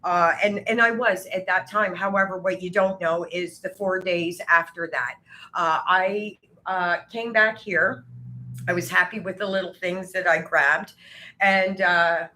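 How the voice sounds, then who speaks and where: A woman talking to her camera in a halting, hesitant way, full of filler words. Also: lowish voice, steady tone, bright, forceful tone. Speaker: video creator. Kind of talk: vlog monologue.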